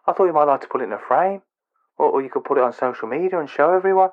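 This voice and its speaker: A man's voice: on the high side, animated, racing, pitched above the performer's own voice. A man voicing an awkward, eager male fan who talks earnestly and hesitantly over a phone line.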